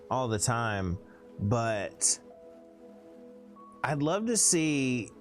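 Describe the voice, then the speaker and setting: A man with a thick Southern US accent chatting casually with viewers on a live stream, laid-back and rambling. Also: mid-range voice.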